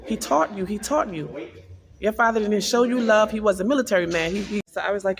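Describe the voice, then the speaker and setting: A woman's voice: mid-range voice, a little fast, gravelly, big-room sound, slight background noise. A woman vlogger earnestly telling an emotional personal spiritual testimony.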